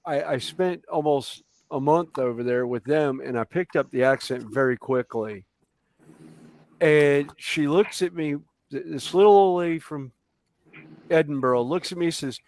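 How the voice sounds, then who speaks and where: A man with a Southern American accent, chatting casually and telling stories with an animated delivery. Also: a little high, moderate pace. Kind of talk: casual chat.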